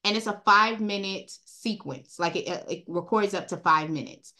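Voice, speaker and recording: A woman with a Caribbean accent, raised in Brooklyn, hosting an online training session over a video call in a chatty, animated way and calling her audience y'all. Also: medium pitch, moderate pace. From Caribbean, grew up in Brooklyn. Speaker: credit repair trainer hosting a group call.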